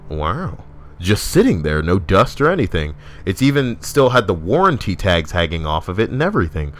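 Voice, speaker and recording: A man's voice: deep voice, very animated, brisk, fairly bright tone, soft background music. A young man hosting his video channel, chatting loosely with a friend, swearing and putting on mock voices as he riffs. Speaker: YouTube host. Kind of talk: casual banter.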